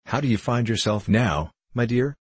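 A man's voice: medium pitch, lively intonation, normal speed, slightly rough, dry recording, voice pushed up. Man reading a mild good-natured locksmith. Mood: pleading. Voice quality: gentle, pleading.

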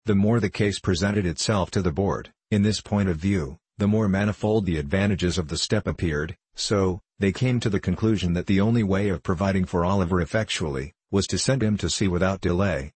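A man narrating a classic novel as an audiobook, in a measured, even reading. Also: deep voice, slightly rough, no room sound.

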